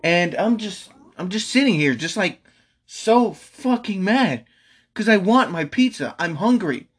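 Exasperated high-voiced young man venting. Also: lively intonation, unhurried, breathy edge. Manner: exasperated, repetitive, swearing. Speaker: vlogger. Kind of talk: angry venting monologue. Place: at home.

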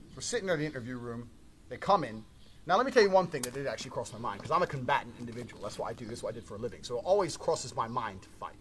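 A man's voice: medium pitch, lively intonation, rapid-fire, fairly bright tone, slight background noise. A man telling a story in a casual monologue, brash and swearing constantly.

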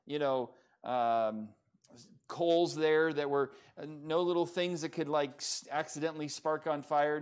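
A man's voice: a little high, fairly even intonation, measured pace, clear, resonant tone. A man preaching a sermon at a church service, talking in a conversational way with many fillers and restarts. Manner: conversational, many fillers, self-described sarcastic. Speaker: pastor. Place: church in Oklahoma.

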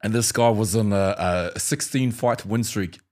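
A man's voice: on the low side, a little slow. A former fighter from New Zealand, a man telling fight stories in a casual interview, acting out banter with laughter. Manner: animated storyteller, acts out fight banter and laughs. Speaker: former UFC fighter, guest.

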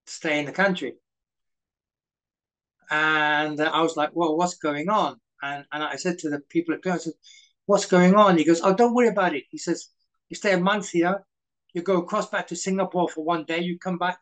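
This clip features a former stuntman from Britain, middle-aged, guesting on a laid-back interview. His voice sits a little high with a fairly bright tone, and his stories are full of fillers and lines of quoted dialogue. The recording is low quality.

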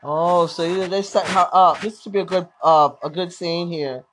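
A podcast host giving a casual, live running commentary while watching a movie, blurting out excited reactions and swearing freely. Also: medium pitch, normal speed, slight background noise.

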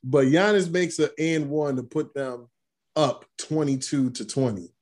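A man co-hosting a casual sports podcast, telling animated stories and acting out what people said. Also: on the high side, a little slow. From Brooklyn. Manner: animated storytelling, acting out quotes. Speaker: podcast co-host.

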